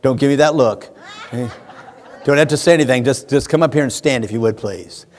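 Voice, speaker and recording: A man preaching a lively sermon in a church, animated, shouting at times as he acts things out. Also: mid-range voice, normal speed, some chatter behind. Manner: animated, shouts when acting out a fan. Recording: church hall with long reverb.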